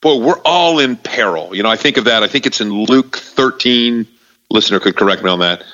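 A man talking casually about faith, halting, with many fillers and restarts. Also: lowish voice, expressive, pushed and bright. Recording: distant hall echo, muffled sound.

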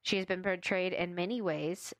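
A woman with a lowish voice, chatting casually and laughing often. She sometimes slips into a put-on Irish storytelling voice as she tells a tale. The sound is dry and close to the mic. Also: steady tone, moderate pace, no echo.

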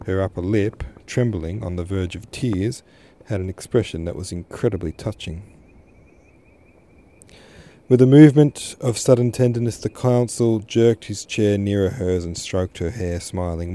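A man reads a classic novel aloud at a measured pace. His voice sits low and sounds very dark and mellow. Now and then he stops to correct a slip. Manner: measured, with occasional self-corrections. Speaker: podcast host and reader. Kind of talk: audiobook narration of a classic novel.

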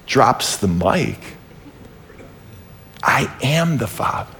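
A man preaching a sermon in a church, animated, reading scripture aloud and asking the congregation questions, shifting between loud exclamations and quiet asides. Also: medium pitch, extremely slow, a little hiss or hum. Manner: reads scripture aloud and asks the audience questions. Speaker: pastor.

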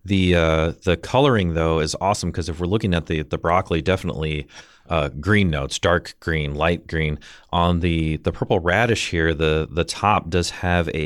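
Deep-voiced, dry-sounding radio host. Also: male voice, dry recording. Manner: chatty and enthusiastic while tasting food. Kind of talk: casual interview. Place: radio studio. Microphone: studio microphone.

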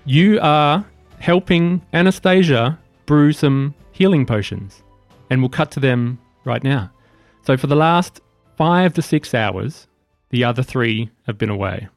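A man narrating as game master of a tabletop game, easygoing and quick to laugh. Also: medium pitch, no echo, faint music behind.

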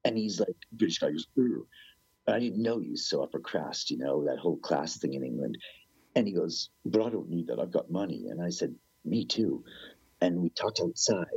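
A man with a low, husky voice spins a rambling, animated story, swearing freely and acting out the people in it. The sound is dry and dull, like a lo-fi recording. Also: fairly quick, dry recording. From Canada. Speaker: musician guest. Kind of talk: casual storytelling interview.

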